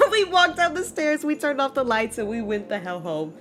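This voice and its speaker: A young adult woman streaming to her chat, telling a story in an exasperated, animated rant and laughing as she vents. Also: high-pitched, normal speed, soft background music.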